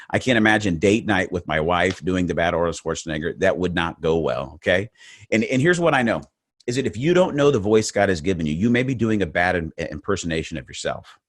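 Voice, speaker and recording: A middle-aged man speaks in a notably deep, low register, leading a faith-based motivational webinar. He talks earnestly and often repeats a word as he presses toward his point. His voice sounds dry and close, with no room around it. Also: expressive, fairly quick, fairly bright tone, no room sound. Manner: earnest, repeats words while building points.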